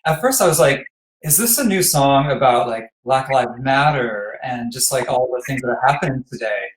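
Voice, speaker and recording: A man's voice: mid-range voice, expressive, moderate pace. Chatty male interviewer, echoey room. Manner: chatty, hesitant with many ums. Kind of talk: casual interview chat. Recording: roomy echo.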